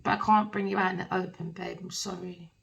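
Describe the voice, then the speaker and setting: A woman voicing a doting, protective male lover in a tarot reading, speaking softly and coaxingly. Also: on the high side, expressive, moderate pace, dull audio, heavily acted. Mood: tender.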